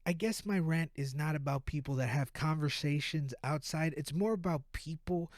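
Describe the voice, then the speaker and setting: A man hosts a podcast and delivers a comedic rant full of swearing. His voice sits a little high for a man. The recording is dry, with no room echo. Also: moderate pace. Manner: profane, animated storytelling. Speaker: podcast host. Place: indoors, a room at home.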